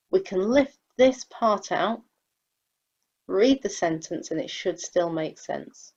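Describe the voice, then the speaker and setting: A woman's voice: mid-range voice, a little slow, a little mellow, husky, muffled recording. A woman teacher explaining sentence structure in a recorded grammar lesson, patiently reading example sentences aloud. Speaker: English teacher.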